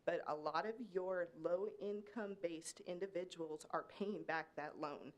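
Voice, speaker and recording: A woman's voice: fairly low pitch, unhurried. Emotional woman pleading at a meeting. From Kansas. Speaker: public commenter. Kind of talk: public comment at a city meeting. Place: city commission meeting room.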